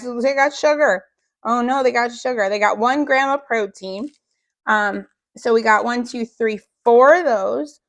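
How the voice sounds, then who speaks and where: A middle-aged woman talks casually to her viewers in a rough, gravelly voice, like she says a smoker's, pitched a little high for a woman. She unpacks and comments on each item in a chatty way, throwing in small jokes. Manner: chatty and joking, with small asides. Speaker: vlogger unpacking a food bank haul.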